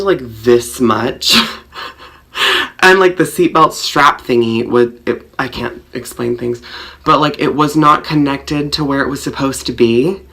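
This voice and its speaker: A man tells a story from his own life to the camera, rambling and self-mocking, stuffing his talk with fillers. His voice is bright and forward with a gravelly rasp running under it. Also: medium pitch. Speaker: vlogger. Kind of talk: storytime vlog.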